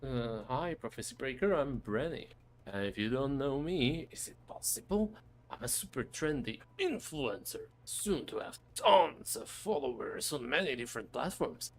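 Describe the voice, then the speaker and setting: A man's voice: mid-range voice, sing-song, moderate pace. A man voicing a vain, pushy young influencer who talks down to people. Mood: smug. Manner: smug, condescending.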